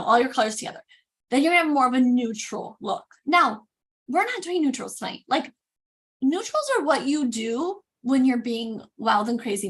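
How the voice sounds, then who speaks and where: A woman hosting a casual live makeup tutorial, chatty and animated, often interrupting herself. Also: sits high. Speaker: makeup demo host.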